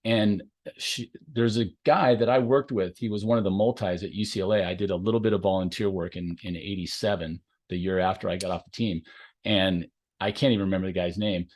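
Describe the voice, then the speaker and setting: A man in his fifties, hosting a podcast chat, telling stories and acting out other people's lines. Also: brisk. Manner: animated, acts out quotes with big pitch jumps. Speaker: host and jump coach. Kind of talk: casual storytelling chat.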